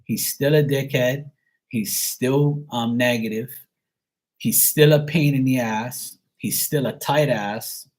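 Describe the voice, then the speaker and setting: A man's voice: mid-range voice, slow, darkish tone. Blunt, foul-mouthed man venting. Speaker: online tarot reader and host. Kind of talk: casual chat.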